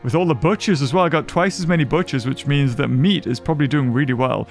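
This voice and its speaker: A man hosting a game playthrough, excitable and chatty, cheering on his game characters and laughing as he plays. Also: a little high, fast, hardly any pauses, soft background music. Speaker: gaming channel host. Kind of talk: let's play commentary.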